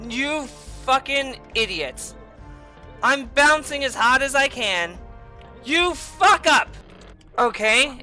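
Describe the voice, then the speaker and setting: A young woman giving rage-filled gameplay commentary as a host, swearing and yelling at the game. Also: sits high. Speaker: gaming video host.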